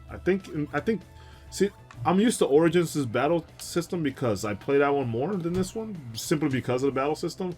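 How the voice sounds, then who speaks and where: A man's voice: medium pitch, darkish tone. A young man streaming a video game, telling a rambling story with lots of fillers and asides. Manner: rambling, chatty anecdotes with frequent laughs and fillers. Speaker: gaming streamer. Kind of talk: casual let's-play storytelling.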